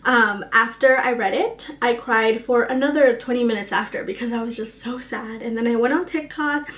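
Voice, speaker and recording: Young woman rambling about her monthly reads, bit high voice, lots of "like", gets all emotional. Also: normal speed, a bit bright. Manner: gushing, emotional, many "like" and "um" fillers. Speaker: book vlogger. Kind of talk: casual book review chat.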